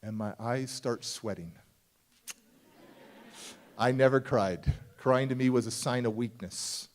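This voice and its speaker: A motivational speaker telling a personal story at a conference, acting out the people in it and swinging between hushed and loud. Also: male voice, medium pitch, slow pace. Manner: acts out voices of people in his story, swings from hushed to shouting. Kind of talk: dramatic storytelling keynote. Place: large conference hall.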